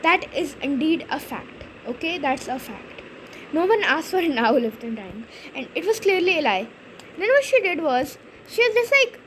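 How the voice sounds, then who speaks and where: High-voiced girl chatting over gameplay. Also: big pitch swings, normal speed, a bit bright, slight background noise, low-quality recording. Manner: chatty, rambling storytelling with many fillers. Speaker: gaming channel host. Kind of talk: casual gameplay commentary.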